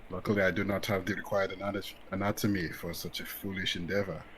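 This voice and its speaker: A man role-playing his character in a tabletop game, speaking in a formal, measured way. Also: low voice, flat delivery, fairly bright tone, slight background noise, low-quality recording. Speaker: player.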